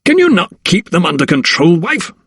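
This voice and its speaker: A man's voice: fairly high pitch, animated, moderate pace, creaky, slightly rough, dry recording, clean studio sound, pitched above the performer's own voice, full character voice. A man doing a pompous Georgian sugar merchant. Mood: irritable. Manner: jovial, then scolding.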